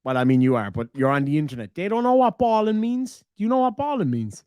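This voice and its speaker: A man's voice: fairly high pitch, big pitch swings, quick pace, a little mellow, clear, resonant tone, no room sound, studio quality. An Irish man chatting on a livestream, swearing often and teasing in casual banter. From Ireland. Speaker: streamer.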